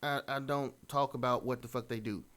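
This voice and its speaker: A man's voice: medium pitch, steady tone, a little fast, a bit bright. Profane, exasperated man ranting. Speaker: commentary host. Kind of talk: reaction commentary on clips.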